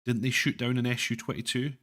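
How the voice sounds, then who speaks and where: A man hosting a casual livestream chat, relaxed and self-deprecating, hesitating with fillers. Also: medium pitch, fast talker. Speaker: stream host.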